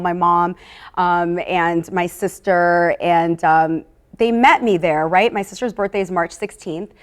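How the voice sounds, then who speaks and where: An upbeat woman hosts a live tasting at a middling pitch. She chats straight to her viewers and wanders into personal stories. Her tone is casual and friendly. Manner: talks straight to viewers, calling them "you guys". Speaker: host of a live wine tasting. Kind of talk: casual live-stream hosting.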